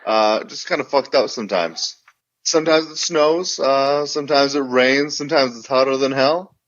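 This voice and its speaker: A man co-hosting a comics podcast in casual chat, joking in a deadpan way. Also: medium pitch, moderate pace. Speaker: podcast co-host. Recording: dull lo-fi sound.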